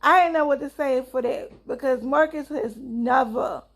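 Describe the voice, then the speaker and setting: A woman's voice: high voice, moderate pace, gravelly. A young woman, a married mother, casually telling a story to her viewers, chatty and acting out both sides of the conversation. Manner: chatty, addresses viewers as y'all, acts out dialogue. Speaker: vlogger and mother.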